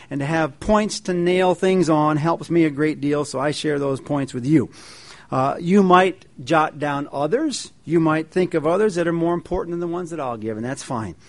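A man preaching a sermon in a folksy, joking way, reading scripture and telling stories with lively emphasis. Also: fairly high pitch. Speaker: pastor.

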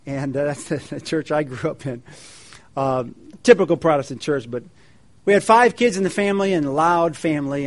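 A middle-aged man preaching a sermon, telling folksy stories with animated quoted voices. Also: medium pitch. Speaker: pastor and feast coordinator. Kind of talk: sermon with anecdotes.

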